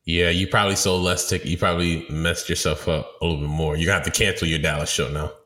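A man's voice: deep voice, flat delivery, fast, pushed and bright. A man co-hosting a talk show, laid-back with short agreeing replies in casual chat. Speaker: co-host. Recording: roomy echoing mic.

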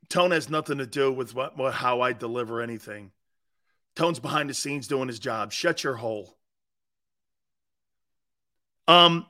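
A man's voice: medium pitch, pushed and bright. A man hosting a live football talk show, blunt and mocking. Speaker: sports talk show host. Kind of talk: live sports radio talk.

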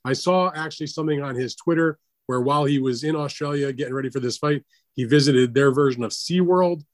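A man co-hosting a casual boxing talk show, giving plain-spoken, measured analysis. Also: mid-range voice. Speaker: podcast co-host.

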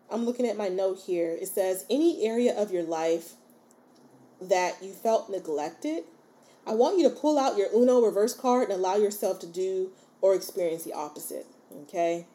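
A woman hosts a solo podcast in a casual, chatty way, with a mellow, warm tone at a middle pitch. She speaks to her listeners directly and encourages them, and she often pauses to check in with them. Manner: chatty and informal. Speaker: podcast host.

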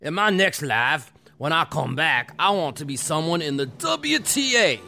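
A man's voice: on the high side, big pitch swings, vocal fry, pushed and bright, faint music behind, pitched above the performer's own voice, heavily acted. A man putting on a pompous drawling old tennis boss. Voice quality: pompous, drawn-out, declaiming.

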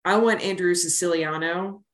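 A woman co-hosting a casual sports podcast, quick and blunt with wry asides. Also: on the low side, roomy sound. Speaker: podcast co-host.

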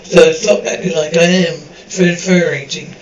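A man's voice: a little high, flat delivery, moderate pace, echoey room, distant mic, slight background noise, natural voice, poor audio. A man reading a fed-up adult daughter. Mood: exasperated. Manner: exasperated, snapping.

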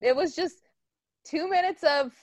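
A woman chatting casually as a podcast co-host, animated, swearing freely and acting out what others said. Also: high-pitched, measured pace, dry recording. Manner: animated, swears a lot, acts out quotes. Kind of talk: casual wrestling chat.

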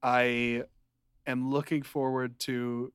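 A young man co-hosting a podcast, chatting casually and ranting at his friend in mock anger, with a dry deadpan delivery. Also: medium pitch, takes it slowly, smooth, no echo. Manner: mock-angry deadpan rants. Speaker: podcast co-host. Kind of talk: casual chat.

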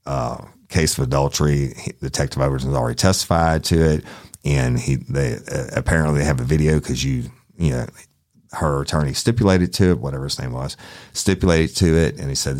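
A man's voice: extremely low pitch, fairly even intonation, normal speed, a little mellow. A man who works as a police detective, telling a story in a blunt, profane, casual way and acting out the people in it. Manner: profane, blunt, acts out the other people in his stories.

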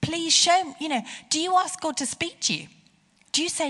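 A woman's voice: very high voice, moderate pace. Woman, middle-aged, preaching, emphatic rises, long hall reverb. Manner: animated, rising emphasis on key phrases. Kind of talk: sermon with personal stories.

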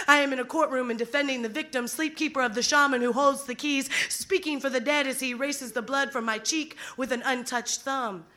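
Bright-voiced woman reciting a solemn poem. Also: fairly high pitch. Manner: solemn and hushed, slow and grieving. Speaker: slam poet. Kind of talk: live spoken-word poem. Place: live poetry venue.

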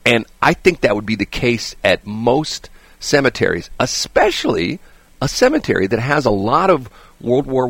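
A middle-aged man hosting a talk show, telling a long story in a casual, animated way, often restarting his sentences and checking in with "okay?". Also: lowish voice, creaky, no echo. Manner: rambling, animated, frequent restarts and "okay?" asides. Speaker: radio show host.

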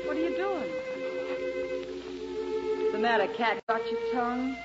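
A sassy, teasing farm wife. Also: female voice, fairly high pitch, sing-song, measured pace. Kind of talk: 1940s radio acting. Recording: lo-fi old radio recording with music.

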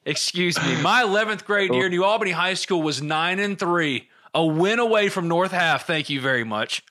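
A man's voice: high voice, expressive, normal speed, bright, forceful tone. A man co-hosting a sports podcast, teasing his partner with needling questions in casual chat. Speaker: podcast co-host.

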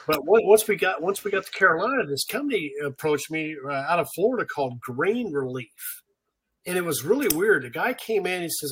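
A man's voice: fairly high pitch, normal speed, slightly rough. An older man, a guest on a podcast, telling stories in casual chat and acting out the people he quotes. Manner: animated storyteller, acts out quotes. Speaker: podcast guest, pro turf manager.

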